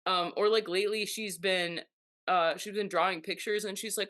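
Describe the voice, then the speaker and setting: Woman podcast host, thirties, bright tone, chatty and loose. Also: mid-range voice, fairly even intonation, normal speed. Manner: chatty, full of "like" and quoted asides. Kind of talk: casual chat.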